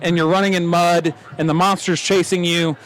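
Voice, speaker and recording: A man calling a live high school football game play by play, quick and joking as he corrects himself. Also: flat delivery. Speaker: play-by-play announcer.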